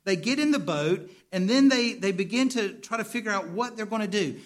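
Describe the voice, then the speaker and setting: A man's voice: high voice, a little fast, few pauses. A man preaching a sermon in a conversational way, often stumbling and repeating words while he calls out to his congregation. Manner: animated, calls for responses from the congregation. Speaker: pastor.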